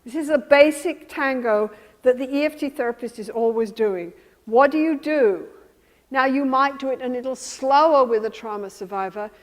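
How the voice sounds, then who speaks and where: Calm woman lecturing in a reverberant hall. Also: sits high. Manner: calm, slows down and softens when demonstrating soothing. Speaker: therapy trainer. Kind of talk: teaching lecture with role-played therapy examples.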